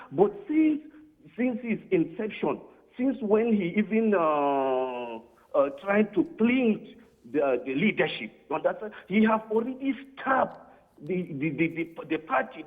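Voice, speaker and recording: A man's voice: high voice, big pitch swings, unhurried. A man calling into a TV debate show, giving his view and repeatedly asking "you understand?". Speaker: caller. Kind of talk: phone-in comment. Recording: tinny phone line.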